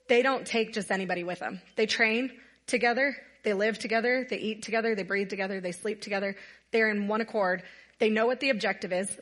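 A woman's voice: medium pitch, a bit bright. A woman giving a casual, earnest sermon to a gathered audience, telling a Bible story conversationally. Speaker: women's night speaker.

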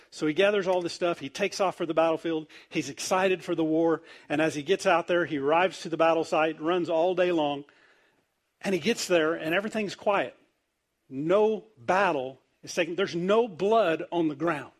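A man preaching a sermon, telling a Bible story in an animated, joking way and acting out the characters. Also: on the high side, moderate pace.

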